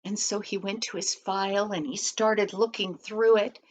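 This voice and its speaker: An older woman, a grandmother, telling a children's story in a gentle way and asking her listeners questions along the way. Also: mid-range voice, fairly even intonation, moderate pace, a little hiss or hum. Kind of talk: bedtime story narration. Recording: dull lo-fi recording.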